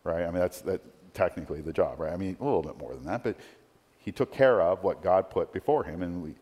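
A man preaching a sermon in a relaxed, conversational way, often checking in with "right?" and restarting his phrases. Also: deep voice, fast talker, slightly rough, in a large hall. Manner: conversational, tag questions, frequent restarts. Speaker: pastor.

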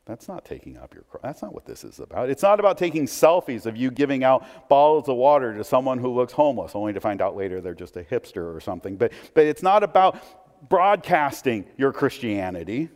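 A man's voice: mid-range voice, sing-song, a little fast, a little mellow. A man preaches in a church, moving between a plain conversational tone and bursts of emphasis. His voice rings with a long hall reverb. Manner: conversational preaching with asides and restarts. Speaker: pastor. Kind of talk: sermon.

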